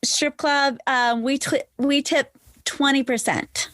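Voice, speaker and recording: A woman's voice: sits high, fairly even intonation, slow pace, fairly bright tone, no room sound. A woman guest on a podcast chatting frankly and laughing often, joining over a video call. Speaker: podcast guest, former dancer. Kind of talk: casual interview chat.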